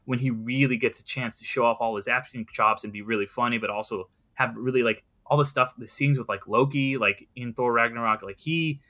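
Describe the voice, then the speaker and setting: A man's voice: medium pitch, fairly even intonation, fairly quick, few pauses, pushed and bright. A young man in casual conversation about movies, rambling and earnest, with many fillers.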